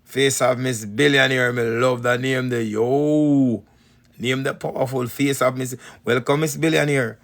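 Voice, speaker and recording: Gravelly Jamaican man preaching. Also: medium pitch, steady tone, measured pace. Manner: repetitive, emphatic, rhetorical questions. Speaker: spiritual teacher. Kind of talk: preaching talk to followers.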